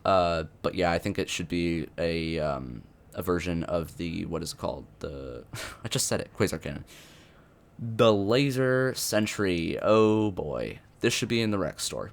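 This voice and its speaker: A man's voice: deep voice, expressive, a little slow, gravelly. A young man giving unscripted commentary on a video game update, rambling with many fillers and restarts. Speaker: gaming youtuber.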